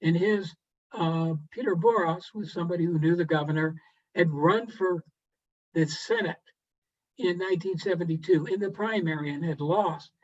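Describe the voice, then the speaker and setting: A man giving a relaxed storytelling lecture to a garden club, unhurried, with frequent pauses and throat clearing. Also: on the high side, lo-fi sound. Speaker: guest presenter to a garden club. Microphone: video call microphone.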